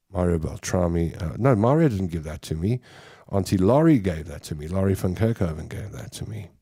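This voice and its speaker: A man's voice: low-pitched, vocal fry, warm tone, breathy edge. A man hosting a casual live show, chatting in a rambling way and reading out viewer comments. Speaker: show host.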